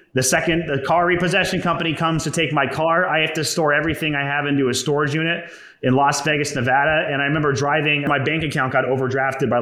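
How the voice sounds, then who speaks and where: A young man with a slightly high-pitched voice tells his personal story bluntly, swearing freely and filling his speech with casual asides. The sound is roomy, with a noticeable echo. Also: bright, forceful tone. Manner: profane, blunt, conversational, peppered with "like" and "right?". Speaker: entrepreneur telling his story.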